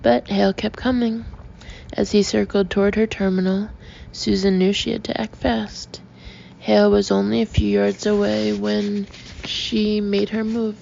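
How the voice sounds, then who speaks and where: Slow, gravelly woman narrating an audiobook. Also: medium pitch. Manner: slow, measured, even reading. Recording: dull lo-fi audio with faint hiss.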